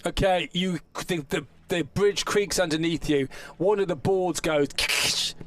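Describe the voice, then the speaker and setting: High-voiced man running a tabletop game. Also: unhurried, a bit bright. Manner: rambling, self-correcting narration with frequent restarts. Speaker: game master.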